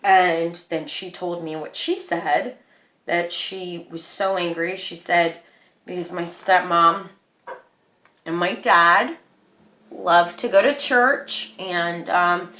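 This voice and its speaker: A woman's voice: on the low side, fairly even intonation, slow, sharp tone, reverberant. A young woman telling a personal story in an emotional, rambling way, with many restarts.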